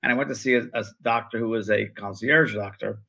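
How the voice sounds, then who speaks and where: An older man chats loosely, circling back with many ums and restarts as he tells a story. His voice is gravelly with a husky edge, sitting at a middle pitch for a man. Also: brisk, sharp tone, poor audio. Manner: rambling, with many fillers and restarts. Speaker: co-host, spiritual medium. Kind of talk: casual conversational storytelling.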